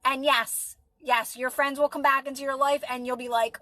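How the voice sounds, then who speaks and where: Bright high-voiced woman from Philly. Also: fairly even intonation, moderate pace, dry recording. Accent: Philadelphia. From Philadelphia. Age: adult. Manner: chatty, reassuring, talks to viewers by name. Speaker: manifestation coach livestreaming. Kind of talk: casual livestream chat answering comments.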